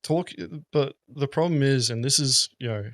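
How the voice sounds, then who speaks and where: A man's voice: mid-range voice, moderate pace, no room sound, clean studio sound. A man, a gaming content creator, rambling and swearing in a casual podcast chat. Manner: rambling, profane, animated.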